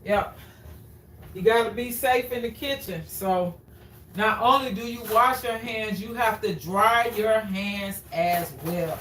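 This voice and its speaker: A woman hosts a cooking demonstration at an unhurried pace, chatty and fond of repeating herself to her viewers. Her voice sits at a middle pitch and is picked up from a few steps away. The kitchen around her sounds echoey, with faint room noise underneath. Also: fairly bright tone. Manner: chatty, repeats phrases, addresses viewers as guys. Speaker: cooking show host. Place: home kitchen. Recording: roomy, distant from the mic.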